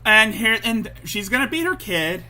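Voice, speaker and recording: A man's voice: sits high, very animated, normal speed, sharp tone. A man hosting a livestream, reacting to clips with angry, profane ranting. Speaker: livestream host.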